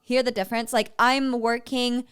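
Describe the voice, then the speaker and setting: Female vocal coach, smooth resonant tone, slightly high, chatty feedback with sung examples. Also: flat delivery, moderate pace. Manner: explains in a chatty way and sings short demo phrases. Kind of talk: coaching feedback on singing clips.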